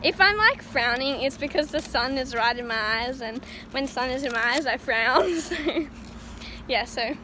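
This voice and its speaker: A woman's voice: high-pitched, expressive, moderate pace, bright, forceful tone. A young woman chatting casually in a vlog, rambling and giggly as she tells a story while walking on city streets. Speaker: vlogger. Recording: noisy street recording.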